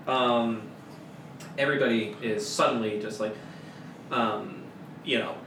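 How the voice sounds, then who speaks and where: A man narrating as game master in a loose, hesitant way with many pauses. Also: medium pitch, fairly even intonation, a bit bright. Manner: loose, hesitant, lots of ums. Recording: roomy and noisy.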